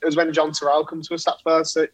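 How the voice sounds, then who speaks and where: A man's voice: a little high, monotone, fast, no echo. A man chatting casually as a fan panelist, eager and emphatic about his team. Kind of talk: casual chat.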